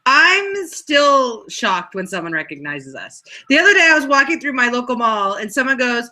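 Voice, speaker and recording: A woman with a high, very bright voice swings widely in pitch as she teases her co-host. She jokes and laughs through a relaxed live chat. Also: normal speed, few pauses. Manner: playful and teasing, laughs often.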